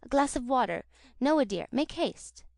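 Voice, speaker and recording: A woman's voice: high-pitched, expressive, unhurried, creaky, dry recording, studio quality, pitched above the performer's own voice, full character voice. A woman reading an audiobook, voicing a sturdy servant girl who screeches insults and fusses over her mistress. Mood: fussing. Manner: screeching, indignant. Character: sturdy, shrill, scolding servant girl Charlotte.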